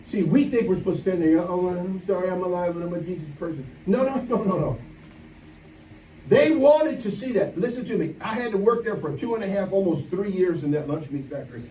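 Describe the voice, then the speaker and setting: A man preaching a camp sermon, telling stories in an animated way and acting out the voices of the people in them. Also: high voice, a little fast, a little hiss or hum. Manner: animated storytelling, acts out quoted voices. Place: large room at a camp meeting. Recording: echoey room, distant mic, faint ambience.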